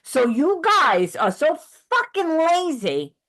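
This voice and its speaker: A woman holds forth on a casual podcast, her voice sitting high. She rants in a heated, profane way, jumping into animated storytelling. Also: slow. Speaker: podcast host. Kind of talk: casual ranting chat.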